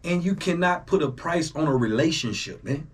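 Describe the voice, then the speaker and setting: A young man talks straight to his viewers, his husky voice sitting fairly high. His speech leaps up and down in pitch as he fires off loud, profane jabs and drops into quieter asides. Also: moderate pace. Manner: animated, profane, swings between loud jabs and low asides. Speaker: YouTube reaction host. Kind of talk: casual monologue to camera.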